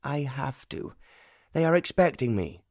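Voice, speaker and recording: A man voicing a petulant young gentleman who talks in a sulky, awkward, dismissive way in an audiobook. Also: medium pitch, lively intonation, measured pace, no room sound, clean studio sound. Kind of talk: audiobook narration.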